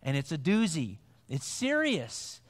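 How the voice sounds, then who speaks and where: A man's voice: fairly high pitch, wildly swooping pitch, measured pace. A male pastor giving a conversational sermon in a church, chatty and joking as he quizzes the young people. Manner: chatty, joking, with frequent restarts. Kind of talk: conversational sermon with an interactive quiz. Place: church sanctuary. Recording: long church-hall reverb.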